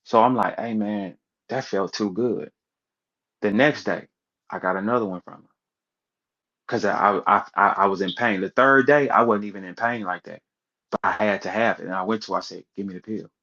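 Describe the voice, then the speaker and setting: A man giving blunt, profane commentary in an animated rant, punctuated by rhetorical questions. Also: lowish voice, a little fast, highs cut off.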